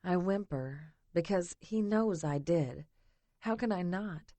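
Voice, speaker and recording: A woman reading a first-person romance audiobook in an intimate, breathy way. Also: fairly low pitch, slow pace, warm tone, no room sound. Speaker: audiobook narrator.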